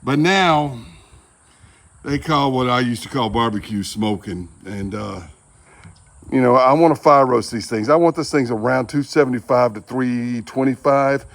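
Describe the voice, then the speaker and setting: A man's voice: medium pitch, unhurried, gravelly. A man demonstrating barbecue at an outdoor grill, with folksy joking asides. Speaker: barbecue channel host. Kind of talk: casual cooking demonstration.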